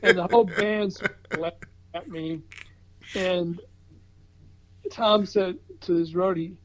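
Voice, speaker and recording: An older man from the American South, telling an animated story in casual chat with chuckles and restarts. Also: sits high, slow pace, long pauses. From Southern United States. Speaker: record promotion veteran telling a story. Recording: slightly dull, muffled recording.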